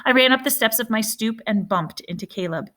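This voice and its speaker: A woman reading a novel aloud, measured and hushed, with dramatic pauses between phrases. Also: a little high, animated. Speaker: reader.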